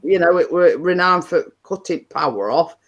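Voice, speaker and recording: A woman's voice: lowish voice, expressive, moderate pace, muffled recording. Middle-aged woman, livestream host, chatty, rambling, many ums and repeats. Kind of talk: casual chat to a live audience.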